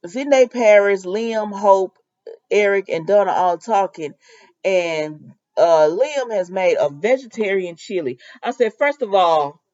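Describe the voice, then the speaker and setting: A woman's voice: mid-range voice, darkish tone, highs cut off. A woman giving a casual, sassy recap of a soap opera episode. She laughs often and talks back to the characters.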